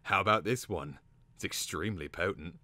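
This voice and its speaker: A man voicing a shrewd, complaining male creature who sells charms, wheedling and gruff. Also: low voice, moderate pace, bright, forceful tone, dry recording. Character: grumbling male creature peddler, wary, shrewd. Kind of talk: dramatic reading.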